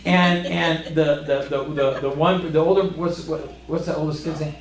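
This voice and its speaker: A pastor delivering a sermon, telling rambling family stories with false starts and self-deprecating humor. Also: male voice, a little high, steady tone, normal speed, reverberant.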